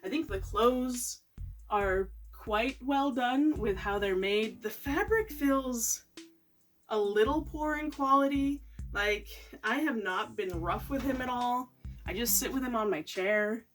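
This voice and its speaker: A toy reviewer chats casually in a product review vlog, laughing often between her remarks. Her voice is medium-pitched and sounds like it's picked up from a distant mic.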